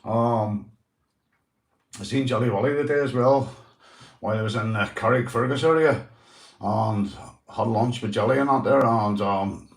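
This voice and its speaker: A man's voice: mid-range voice, moderate pace, vocal fry, pauses often. A man from Northern Ireland with a Northern Irish accent, hosting a casual livestream and chatting loosely to viewers, swearing and calling them mate. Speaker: livestream host. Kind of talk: casual livestream chat reading comments. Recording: echoey room.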